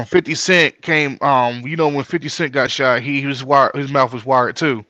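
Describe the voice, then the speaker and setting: A man's voice: mid-range voice, steady tone, normal speed, pushed and bright, dry recording. A man co-hosting a podcast in casual chat, talking eagerly with fillers like um. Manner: enthusiastic fan talk, fillers like um. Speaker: podcast co-host.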